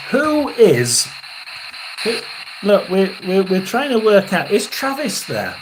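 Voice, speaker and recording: Halting man in his sixties, noisy stream. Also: high-pitched, wildly swooping pitch. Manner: halting and rambling, clears throat often. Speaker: psychic medium. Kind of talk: live tarot and spirit reading stream.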